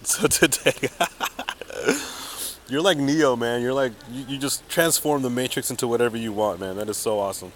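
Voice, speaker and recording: A man's voice: mid-range voice, normal speed, a bit bright, slight background noise. Hyped slangy man streaming outdoors. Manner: hyped, slangy, says dude and man constantly. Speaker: mobile game streamer. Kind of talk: casual live-stream chat to viewers. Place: outdoors on a city street.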